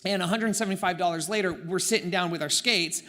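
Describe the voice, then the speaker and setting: A young male pastor from Oakland preaching through a comic personal story, animated and self-mocking. His voice sits high and bright, with a lively, wry delivery full of sarcastic asides. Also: fast. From East Bay of San Francisco, Oakland. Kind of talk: storytelling sermon.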